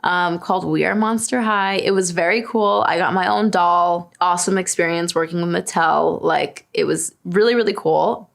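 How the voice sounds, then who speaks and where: Twenties woman from long island, chatty and joking about herself, gravelly fry in her voice. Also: on the low side. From Long Island, New York. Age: 20s. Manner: chatty and self-deprecating, with frequent laughs. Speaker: singer answering fan search questions. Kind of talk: casual chat.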